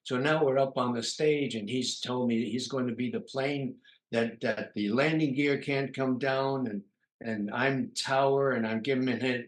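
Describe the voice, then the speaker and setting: An older man from New York, a guest comedian, telling long anecdotes in a casual interview, full of uh fillers. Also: medium pitch. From New York, USA. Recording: roomy echo.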